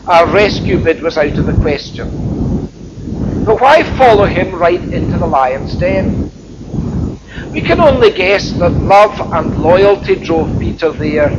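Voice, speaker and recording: Man, high voice, storytelling sermon, reflective, colloquial, muffled, loud wind noise. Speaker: preacher.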